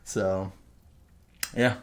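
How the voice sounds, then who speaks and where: A man co-hosting a podcast in casual chat, a profane, rambling storyteller who shouts out quotes when retelling. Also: extremely slow. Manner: loud acted quotes in retellings. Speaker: podcast co-host.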